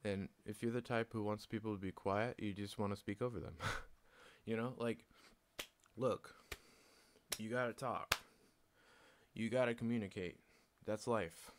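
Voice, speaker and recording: A man's voice: on the low side, fairly even intonation, unhurried, pauses often, slight background noise. A man streaming alone, ranting bluntly with lots of swearing and laughter, acting out both sides of conversations. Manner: blunt, swearing, laughs often, acts out exchanges. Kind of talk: casual ranting monologue.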